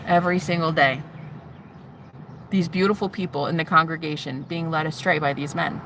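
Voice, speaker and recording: A woman vlogger telling her personal story to camera, animated and sassy, swearing freely and calling the viewer "honey". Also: sits low, moderate pace, noisy background. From United States. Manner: swears freely, shouts mocking retorts.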